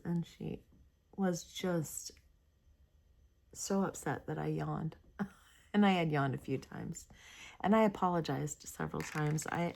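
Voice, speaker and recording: A woman's voice: sits low, creaky, darkish tone. A woman hosting a crafting video, rambling chattily about a kit with many hesitations while yawning and sleepy. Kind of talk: casual product review chat.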